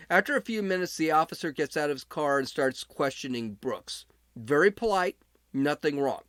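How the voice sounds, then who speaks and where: A man's voice: on the high side, no room sound. A man hosting a podcast, talking casually as he recounts events, often restarting his sentences. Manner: conversational recounting with frequent restarts. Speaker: podcast host.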